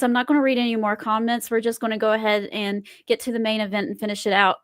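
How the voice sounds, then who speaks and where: A woman's voice: medium pitch, dry recording, clean studio sound. A woman hosting a podcast in casual chat, running the show with a playful, teasing manner. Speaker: podcast host.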